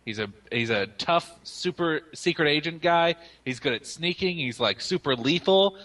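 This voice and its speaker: A young man in a casual podcast chat, with a bright, slightly sharp tone. He explains things at length and pads his sentences with hesitant fillers. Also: a little high, lively intonation, moderate pace. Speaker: podcast co-host.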